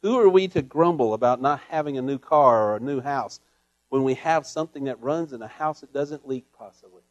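A man preaching a sermon in an earnest way, often repeating words as he searches for them, and moving between raised lines and hushed ones. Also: mid-range voice, fairly quick, no room sound, dull audio.

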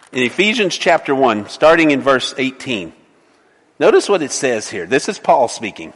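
A male pastor preaching a sermon, telling a story in an animated way and asking the congregation for responses. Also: medium pitch, moderate pace. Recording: long reverb of a large hall.

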